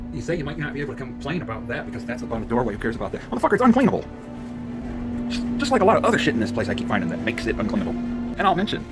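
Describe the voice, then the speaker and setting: A man vents into the camera in a furious, profanity-laced monologue, talking very fast. His pitch leaps around as he loses his thread and circles back. Faint music plays behind him. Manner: agitated, swearing, going off on tangents. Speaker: vlogger. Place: in a vehicle.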